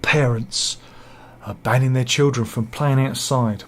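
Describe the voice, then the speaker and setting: A man's voice: mid-range voice, fairly even intonation, measured pace, a bit bright. A man giving casual satirical news commentary, full of wry self-mocking asides and mock-dramatic quips. He talks over pictures he shows. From England.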